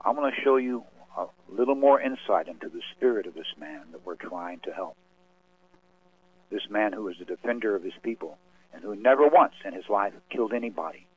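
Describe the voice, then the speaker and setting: A man's voice: lowish voice, animated, slightly rough. Solemn man on a tinny phone line. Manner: solemn, measured, with dramatic pauses. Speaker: radio guest speaking for a cause. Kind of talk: impassioned spoken-word reading and appeal.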